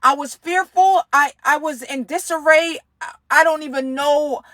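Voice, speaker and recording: A woman's voice: high voice, moderate pace, fairly bright tone, dry recording. A woman telling a personal testimony in earnest, speaking straight to her viewers as a ministry speaker.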